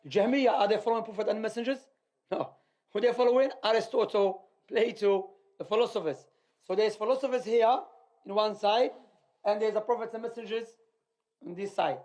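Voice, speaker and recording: A male teacher gives emphatic commentary on a class reading. He repeats his points and asks rhetorical questions. His voice is notably high for a man. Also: fairly quick, a little mellow. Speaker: teacher leading a religious class.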